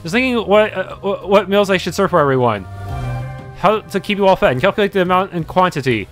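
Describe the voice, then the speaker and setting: A hurt young man opens up about his painful past, read aloud by a man. The voice sits high and halting, full of pauses and fillers. Soft game music plays faintly behind him. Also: animated. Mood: wistful. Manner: halting reading with many fillers. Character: troubled young man abandoned by parents. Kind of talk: reading game dialogue aloud.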